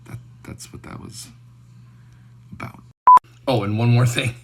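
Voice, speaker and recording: Young guy hosting, chill jokey wrap-up, asks for donations, middle pitch. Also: a little slow, very noisy. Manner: relaxed, joking, self-deprecating. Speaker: host. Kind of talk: casual closing remarks and fundraising appeal.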